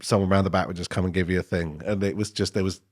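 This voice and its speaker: A British man co-hosting a casual podcast chat. His voice sits very low. He rambles loosely and leans on filler words. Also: fairly even intonation, very fast. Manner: rambling, full of fillers like "just" and "you know". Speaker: podcast co-host.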